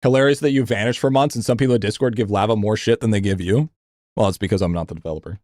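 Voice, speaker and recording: A young man streams a game live in a casual rant, reading chat, swearing constantly, and repeating phrases with stammered restarts. His rapid-fire voice is animated and climbs higher when he vents, recorded in studio quality with no echo.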